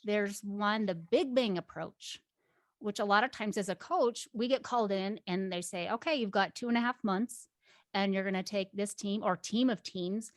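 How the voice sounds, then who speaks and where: A woman of medium pitch hosting a casual conversation as an agile coach. She talks in a lively way, full of animated asides and laughs. The sound is dry and close. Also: moderate pace, no echo.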